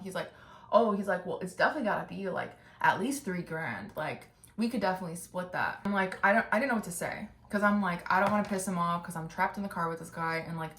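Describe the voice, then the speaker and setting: A young woman in her twenties telling a long personal story in a casual podcast chat, swearing freely, filling her talk with "like" and mimicking the people she talks about. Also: on the low side. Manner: chatty, swears freely, full of "like", mimics others with animated bursts. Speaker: podcast host. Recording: roomy echo.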